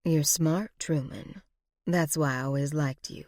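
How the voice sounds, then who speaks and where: Woman putting on a scheming frontier vixen, purring, teasing, slow drawl, low voice, dry sound. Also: fairly even intonation, darkish tone, dry recording. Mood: sly.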